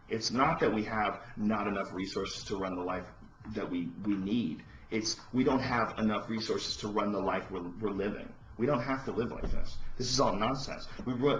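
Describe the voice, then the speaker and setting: A low-voiced man rants through a heated, profane podcast monologue, his voice climbing toward shouts. The room sounds echoey, and the audio is dull and lo-fi with a faint hiss behind it. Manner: profane, ranting, rising to shouts. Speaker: podcast host. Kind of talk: impassioned monologue.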